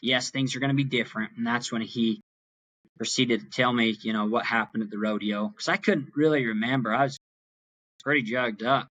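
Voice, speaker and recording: A young man as a podcast guest, earnestly retelling a personal story in an animated way. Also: mid-range voice, moderate pace, muffled recording. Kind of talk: storytelling in an interview.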